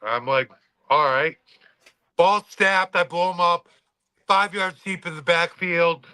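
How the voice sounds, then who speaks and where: Animated former player telling a story. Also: male voice, high-pitched, a little slow, clean tone, no echo, low-quality recording. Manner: animated, swearing storyteller acting out quotes. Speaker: podcast co-host, former college football player. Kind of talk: casual storytelling chat.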